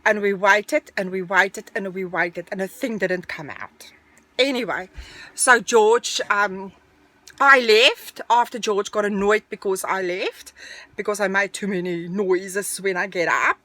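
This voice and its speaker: A middle-aged woman telling a personal story in a casual, animated storytelling way. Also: mid-range voice, measured pace, no room sound. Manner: animated, breathless storytelling, dramatic retelling.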